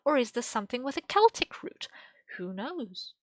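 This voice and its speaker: A young English-speaking woman streams while drawing, her voice a little high and very animated at a moderate pace. She rambles casually, thinking aloud with plenty of fillers and small laughs, and the recording is dry.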